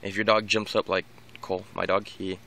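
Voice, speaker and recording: Deep, gravelly male vlogger; loose rambling delivery full of restarts; faint background hiss. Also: little pitch movement, fairly quick, bright, forceful tone. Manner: rambling, many restarts and repeated words. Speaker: dog owner giving training tips. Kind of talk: casual unscripted vlog monologue.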